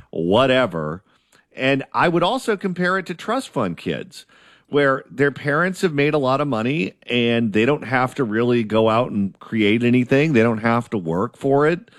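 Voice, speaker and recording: Measured man in a dry recording. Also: mid-range voice, dry recording. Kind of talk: political discussion.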